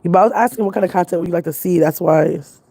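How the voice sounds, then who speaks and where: Talking very fast in a lowish, mellow, husky voice, a young New York–accented woman chats and rambles on her livestream, laughing frequently. She's a vlogger whose family is Jamaican.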